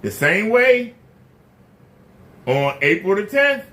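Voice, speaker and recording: A man's voice: high-pitched, very animated, takes it slowly, a bit bright. A man hosting his own channel, ranting indignantly to the camera with repeated rhetorical questions. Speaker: YouTube channel host. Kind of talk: casual rant to camera.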